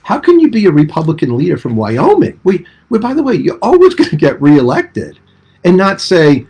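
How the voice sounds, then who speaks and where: A middle-aged man giving emphatic, rapid-fire opinions as a guest commentator on a radio phone-in. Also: a little high, wildly swooping pitch, a little mellow, slightly rough.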